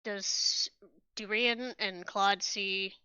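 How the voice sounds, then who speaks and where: Female player with a bright, crisp voice, light manner, dry lo-fi recording. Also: medium pitch, fairly even intonation, very slow, no echo. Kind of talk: casual tabletop play. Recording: dry, slightly dull lo-fi audio.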